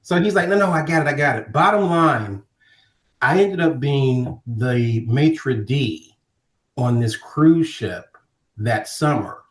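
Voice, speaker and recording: A middle-aged man from Ohio, telling stories as a podcast guest in a lively conversational way and acting out other people's voices. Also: medium pitch, takes it slowly. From Ohio, USA. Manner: animated storyteller, acting out quoted voices. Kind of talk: storytelling in casual conversation. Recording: roomy echo.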